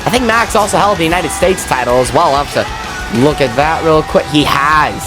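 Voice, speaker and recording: A man giving casual, excitable wrestling commentary, chatty and quick to swear. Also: on the high side, over music.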